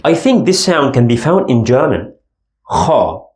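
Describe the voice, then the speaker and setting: A man teaching the alphabet in a language lesson, slowly demonstrating throaty letter sounds. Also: mid-range voice, lively intonation, a little mellow, echoey room. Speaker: Arabic teacher.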